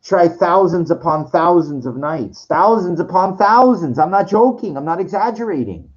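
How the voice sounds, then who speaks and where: A man's voice: high-pitched, lively intonation, normal speed. A man in his forties ranting about his life, with many stammered restarts, frequent swearing and exasperated outbursts. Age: 40s. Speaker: monologue speaker. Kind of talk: rambling personal rant. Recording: dull lo-fi audio.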